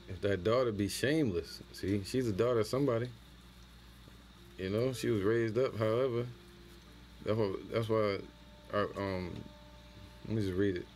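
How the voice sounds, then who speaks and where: A religious camp teacher with a very deep, darkish voice leads an impromptu scripture lesson. He reads the verses slowly and deliberately before slipping into loose, slangy commentary, and a faint hiss runs under the recording.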